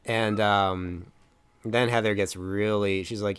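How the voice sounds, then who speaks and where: A man's voice: fairly low pitch, flat delivery, a little slow, fairly bright tone, clear, resonant tone. A young man co-hosting a film review podcast, casually retelling scenes with lots of fillers and acted-out lines. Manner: rambling retelling with many fillers, acting out lines. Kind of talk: casual chat.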